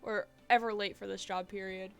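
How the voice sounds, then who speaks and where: A woman's voice: medium pitch, steady tone, fairly quick, gravelly, clean tone, soft background music. A young woman streaming a game, chatting casually and laughing often. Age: young adult. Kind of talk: casual let's-play chat.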